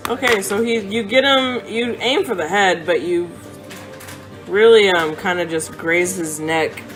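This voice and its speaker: A woman narrating a tabletop game as game master, halting with fillers. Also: mid-range voice, rough recording. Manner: halting, filler-heavy, laughing often. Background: background music.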